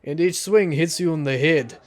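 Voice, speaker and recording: A man's voice: a little high, moderate pace. A man hosting a let's play, reading a visual novel aloud and adding joking, self-deprecating asides.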